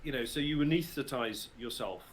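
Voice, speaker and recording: Chatting from his mother's house as a voice-actor guest on a relaxed livestream, this middle-aged man from England speaks with an RP accent and laughs and jokes freely. He sounds expressive and medium-pitched, talking a little fast over slight background noise.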